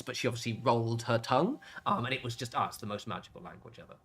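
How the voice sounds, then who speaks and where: A man's voice: medium pitch, fast, few pauses, a bit bright. A young English man streaming a game, chatting casually in a rambling way with lots of fillers and the odd swear word. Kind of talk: casual chat while gaming.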